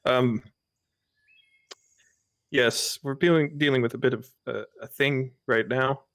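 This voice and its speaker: A man's voice: medium pitch, fairly even intonation, slow, a bit bright. A man playing a tabletop game, talking in a dry, hesitant, joking way. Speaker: player. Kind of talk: casual tabletop play.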